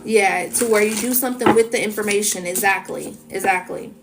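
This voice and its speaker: A woman's voice: mid-range voice, fairly quick, heavy background noise. A woman talking to her viewers as a spiritual energy reader in a casual, emphatic monologue full of "you know" and "so it's like". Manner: emphatic, repetitive fillers.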